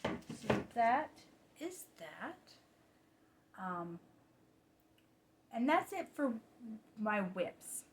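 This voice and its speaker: Her voice sits at a medium pitch, sing-song and full of drawn-out words and frequent pauses, as a woman chats about her cross-stitch projects from home late at night. Tired and chatty, she corrects herself a lot and lowers into soft asides.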